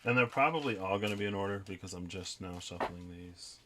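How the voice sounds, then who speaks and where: A man's voice: low-pitched, a little fast, background noise. A young man reading tarot cards and chatting in a rambling, reflective way with many fillers. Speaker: tarot reader. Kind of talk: casual tarot reading vlog.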